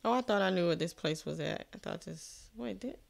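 A woman's voice: fairly low pitch, a little fast, creaky, crowd noise. A woman hosting a casual movie reaction, commenting in a bemused way. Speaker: host.

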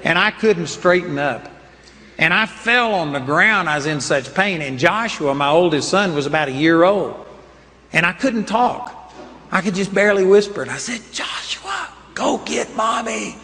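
An older man preaching with a high-pitched voice, earnest and emphatic as he tells personal stories. His words ring with a long hall reverb, which gives the sermon a big, spacious sound. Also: lively intonation, normal speed, bright, forceful tone.

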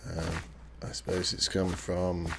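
Croaky man with a sore throat. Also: low-pitched, monotone, unhurried, noisy background. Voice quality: gravelly. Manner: chatty and rambling, swears freely. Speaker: let's play host. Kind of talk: casual gameplay commentary.

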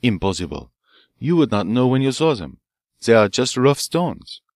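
A man reading an audiobook, voicing an excitable, vengeful French professor with a French accent who shouts menacingly. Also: mid-range voice, moderate pace, dry recording, studio quality, pitched above the performer's own voice. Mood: insistent.

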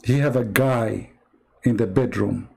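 A man's voice: on the low side, a little slow, creaky, husky. A man from the Middle East whose native language is Arabic, hosting a live stream in English with an Arabic accent and mocking his opponent sarcastically. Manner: broken English grammar. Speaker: host.

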